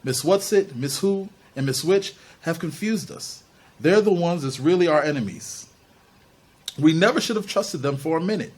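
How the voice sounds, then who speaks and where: A man's voice: on the high side, animated, normal speed, slightly rough. A man voicing a possessed little boy who speaks in a bland, coaxing, falsely reasonable way.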